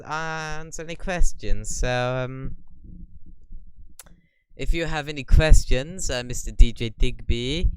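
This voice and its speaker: Guy rambling on his live stream, very smooth clean voice, dry close sound, deadpan answers to chat. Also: mid-range voice, dry recording. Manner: rambling, reads viewer questions aloud then answers in a wry, deadpan way.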